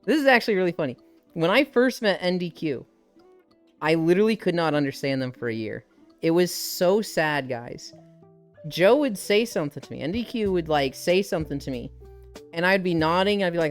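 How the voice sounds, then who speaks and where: A woman's voice: deep voice, lively intonation, moderate pace, clean tone, faint music behind. A young woman with a light Midwestern American accent, chatting casually and tiredly on a live stream, swearing now and then.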